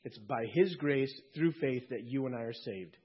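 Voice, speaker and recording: Earnest husky male pastor preaching. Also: medium pitch, expressive, normal speed. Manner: earnest, swelling then hushed. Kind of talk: sermon. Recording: dull lo-fi recording.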